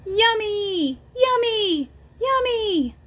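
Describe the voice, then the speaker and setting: Brief: greedy, excitable pigeon, grabby and emphatic, played by a woman reading aloud, lo-fi audio. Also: extremely high pitch, extremely slow, voice pushed up, exaggerated voice. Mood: greedy delight. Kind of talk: children's picture book read-aloud. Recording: dull lo-fi audio with faint noise.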